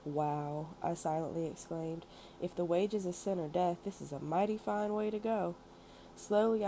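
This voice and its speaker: A woman reading a first-person memoir aloud in a steady, measured storytelling manner. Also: lowish voice, a little hiss or hum, poor audio. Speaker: narrator. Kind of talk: audiobook memoir narration.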